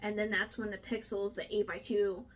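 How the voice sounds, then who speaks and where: A young woman co-hosting a casual book discussion, chatty and animated, swearing now and then and acting out what characters say. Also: medium pitch, brisk. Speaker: book club co-host.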